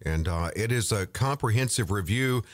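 A man hosting a radio talk show in a lively, promotional way, bringing in a guest and reading out contact details. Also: on the low side, moderate pace, no echo. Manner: lively, promotional, reads phone numbers.

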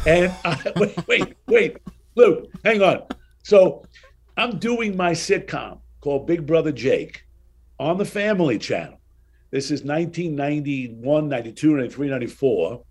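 A man in his sixties, a guest in an interview, telling anecdotes in a casual, animated way and acting out the dialogue. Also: fairly high pitch, measured pace.

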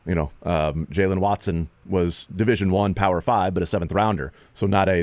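A man hosting sports talk radio, rambling and animated, who sometimes mimics players in a raised voice. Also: low voice, fairly quick, few pauses, no echo.

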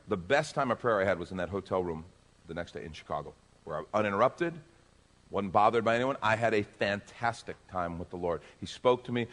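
Animated male pastor telling a story. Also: fairly low pitch. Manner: animated, acts out dialogue in his story. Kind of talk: sermon storytelling.

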